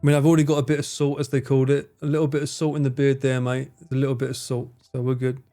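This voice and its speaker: A man's voice: mid-range voice, monotone, rapid-fire, dark tone, soft background music. A man in his thirties live streaming, joking and swearing in casual banter with his chat.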